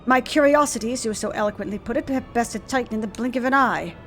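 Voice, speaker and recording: A cold, proud imperial lord of a video game, as a woman reads him aloud, measured and condescending in every word. Faint music plays behind him. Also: a little high, a bit bright, close to an everyday voice. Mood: scheming.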